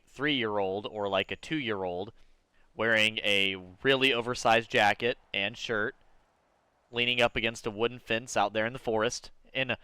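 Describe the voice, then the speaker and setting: A man from Georgia streaming a game, chatting loosely with viewers in a rambling, profane way with sudden excited jumps in pitch. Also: clear, resonant tone, no room sound. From Georgia, USA. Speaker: gaming streamer. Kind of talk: casual live-stream chat while gaming.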